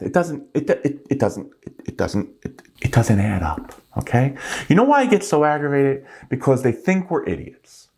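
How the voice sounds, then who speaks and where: A middle-aged man hosting a finance vlog, ranting in an animated, exasperated way and calling out imaginary viewers by name. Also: mid-range voice, unhurried. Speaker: finance channel host.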